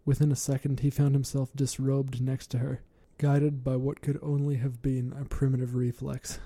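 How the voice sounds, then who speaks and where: A man narrating a horror story in a measured, steady reading. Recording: rumbling background noise.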